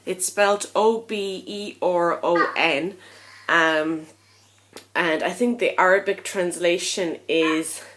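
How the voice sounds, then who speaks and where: A woman's voice: low-pitched, fairly bright tone. Tired, chatty young woman vlogging. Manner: chatty, rambling, frank, with frequent ums. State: tired and a little out of breath. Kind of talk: casual chat to camera.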